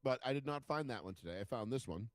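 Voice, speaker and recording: A podcast co-host with a medium-pitched, animated voice talks fast, telling stories in casual chat. He swears freely and acts out quotes, and there's no room sound on the recording.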